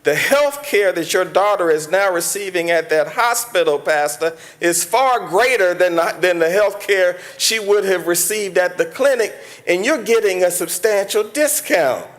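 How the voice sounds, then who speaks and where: A man's voice: high-pitched, animated, moderate pace, few pauses, a bit bright. A man, a mayor giving a preacherly banquet speech from a podium that builds to impassioned peaks. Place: large banquet hall with an audience.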